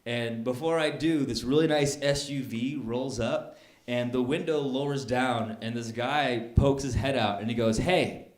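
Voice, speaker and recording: A man does a stand-up set at normal speed, animatedly telling stories and leaping to a high, excited pitch whenever he plays out a scene. He's on a comedy club stage, and the echoey room carries the audience's laughter.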